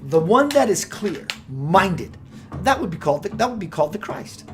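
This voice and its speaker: A man's voice: high voice, big pitch swings, normal speed, faint music behind. A man giving a meandering spiritual talk, musing aloud and searching for words as he goes. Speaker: spiritual teacher.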